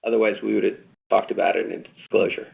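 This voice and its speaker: A man with a deep, gravelly rasp fields analysts' questions on an earnings call. He drives his points home by repeating them and tossing in "right?" as he goes. The audio comes through a thin, tinny phone line. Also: little pitch movement, quick pace. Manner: repetitive, emphatic, tag questions. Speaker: company executive answering analysts.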